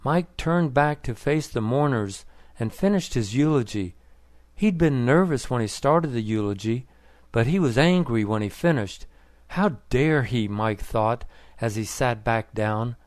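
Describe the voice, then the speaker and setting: Male narrator, mid-pitched voice, plain even storytelling, dry close sound. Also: a little slow, no echo. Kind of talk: scripted story narration for English learners.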